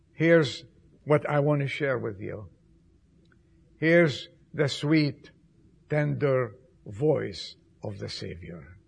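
Male preacher, sermon, raspy voice, fairly high pitch, dramatic loud-to-soft swings. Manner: slow, emphatic delivery with repetitions. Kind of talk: Easter sermon.

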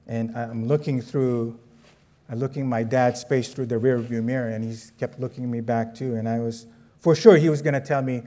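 In a medium-pitched voice and at a moderate pace, a man from the Philippines preaches with a lively, conversational flow, recounting a personal story and questioning the audience.

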